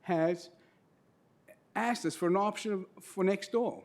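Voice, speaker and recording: Middle-aged man, earnest public commenter at a podium mic, slightly high voice. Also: a little slow. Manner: earnest, emotional, detailed. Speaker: public commenter, trustee of local business property. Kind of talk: public comment at a county meeting. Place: county board meeting room.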